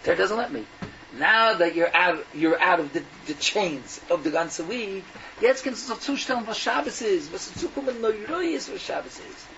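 Recorded from a distance, an older man spins a folk tale at a moderate pace, his high voice slipping into Yiddish phrases and breaking off to restart sentences. He shifts between characters with lively energy, and the lo-fi recording is dull, with a faint hiss underneath.

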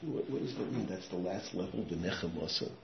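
Low-voiced guy preaching, tells stories quiet then loud, yiddish and hebrew words thrown in, echoey muffled room. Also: a little fast. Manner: swings from hushed storytelling to loud emphatic bursts, with Yiddish and Hebrew words. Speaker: rabbi giving a talk. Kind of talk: sermon with storytelling. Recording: echoey room, muffled sound, faint background noise.

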